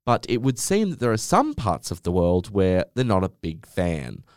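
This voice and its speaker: A man's voice: sits low, wildly swooping pitch, moderate pace, darkish tone, dry recording, clean studio sound. A man hosting a solo podcast, talking in a sarcastic, rambling way and swearing often. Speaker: podcast host.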